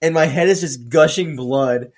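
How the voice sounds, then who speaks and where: A man's voice: fairly high pitch, normal speed. A young man hosting a casual podcast, telling stories loosely with laughs and swearing. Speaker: podcast host. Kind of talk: casual chat.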